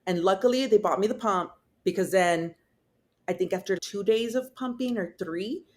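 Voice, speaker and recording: Young woman guest, raw and candid storytelling, casual swearing, mid-pitched voice. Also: normal speed, darkish tone. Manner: candid, casual, swearing, many fillers and restarts. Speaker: podcast guest. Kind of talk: emotional personal storytelling.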